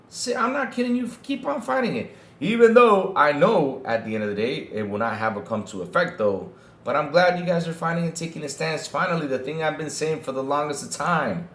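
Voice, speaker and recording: A man's voice: on the high side, echoey room. A man hosting a gaming podcast, reading news aloud and reacting with mocking, profane commentary while talking to his chat. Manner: animated, mocking, swears, addresses chat. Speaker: podcast host.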